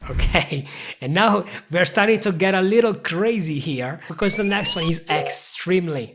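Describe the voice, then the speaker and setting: A man's voice: high voice, expressive, normal speed, a bit bright. A young man teaching English in a video lesson, playful and emphatic, leaning hard on key words and laughing often.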